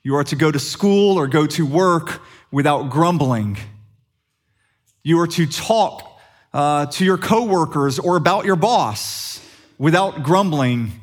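A man preaching a sermon as pastor, conversational and humorous, asking the congregation questions. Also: on the high side.

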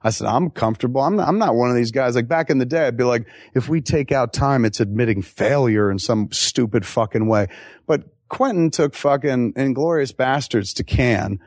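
A man answering audience questions at a live Q&A, telling stories in an animated, profane way with quick asides and acted-out quotes. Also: medium pitch, no room sound, studio quality. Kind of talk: live Q&A storytelling.

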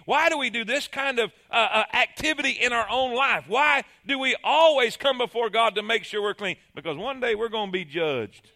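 Bright, high-voiced preacher man. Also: a little fast, hardly any pauses. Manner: emphatic, calls on the congregation. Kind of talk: sermon.

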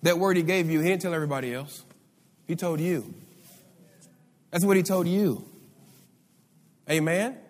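A man's voice: a little high, normal speed, long pauses. A male pastor preaching a sermon, calling out for responses from the congregation. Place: church sanctuary. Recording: live hall reverb.

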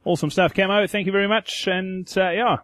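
Upbeat high-voiced male podcast host. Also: steady tone, a little fast, fairly bright tone, dry recording. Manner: upbeat, reading out a listener question. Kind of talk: casual podcast chat.

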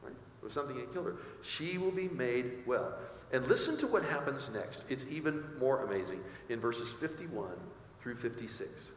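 A man's voice: medium pitch, lively intonation, normal speed, slight background noise. A male pastor preaching a sermon, often asking his congregation rhetorical questions. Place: church sanctuary. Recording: echoey hall with faint ambience.

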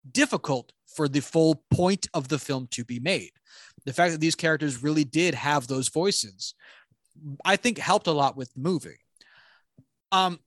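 Man, casual podcast film chat, rambling and animated, slightly high voice, dry close mic. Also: dry recording. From New Jersey.

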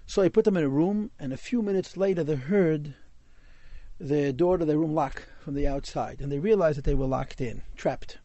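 A man's voice: on the high side, normal speed, warm tone, no echo, dull audio. A man telling a Hasidic story in a class, mixing in Yiddish and Hebrew words.

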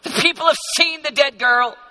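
A man who is a pastor, preaching an emphatic, repetitive sermon that swings from loud to hushed. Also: very high voice, normal speed, soft background music.

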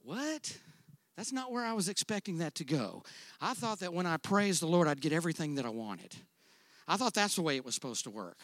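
A male pastor delivering a sermon with a high, bright, forceful voice. He moves from loud, stretched-out emphatic lines to hushed, chatty storytelling. The sound is close and dry with no room echo. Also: big pitch swings, fast talker. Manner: dynamic preaching, swinging from loud emphatic declarations to quiet storytelling.

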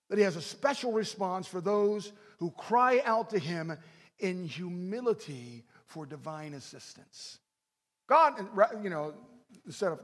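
Man preaching, animated, loud-soft swings, long hall reverb. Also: sits high. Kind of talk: sermon.

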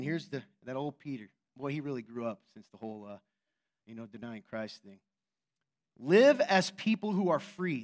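A male pastor preaching a sermon in an animated, joking way, teasing his congregation and asking rhetorical questions. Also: medium pitch. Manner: quick, emphatic, asks rhetorical questions.

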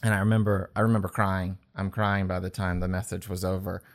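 A man telling his personal faith story in an earnest, halting way, with many restarts. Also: sits low, monotone. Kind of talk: personal testimony in conversation. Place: indoors at a table.

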